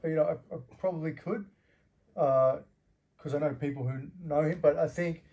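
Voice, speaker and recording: A man's voice: a little high, fairly even intonation, moderate pace, warm tone, lo-fi sound. A middle-aged man from Australia, a former fighter, telling loose anecdotes as an interview guest, laughing often and swearing freely.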